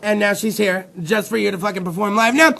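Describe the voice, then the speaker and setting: High-pitched gravelly man ranting profanely. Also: steady tone, fairly quick, very noisy. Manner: rowdy, swearing, loud outbursts. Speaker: talk show host. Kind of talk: profane comedic rant.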